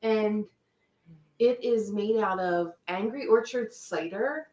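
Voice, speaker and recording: A woman co-hosting a casual live-stream chat, chatty and quick to laugh. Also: medium pitch, darkish tone, echoey room. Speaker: co-host.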